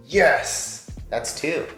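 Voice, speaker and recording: A man's voice: a little high, a bit bright. A man hosting a casual vlog, talking in a playful, jokey way. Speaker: vlog host. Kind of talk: casual chat. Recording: echoey room with faint music.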